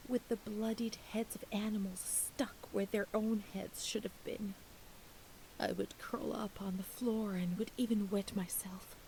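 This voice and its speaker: Haunted young woman, whispered role-play, raspy gritty whisper. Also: mid-range voice, darkish tone, a little hiss or hum, poor audio. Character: haunted young woman recalling childhood terrors.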